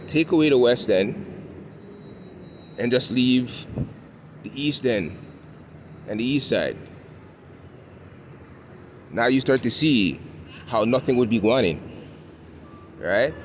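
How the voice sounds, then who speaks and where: A vlogger from Toronto, Canada, with a Toronto accent and a medium-pitched voice rants casually while walking outdoors on a city street. His talk is laid-back and full of slang, with plenty of "you know what I'm saying." It's filmed on a handheld camera as he walks, with traffic, passing vehicles and street ambience in the background.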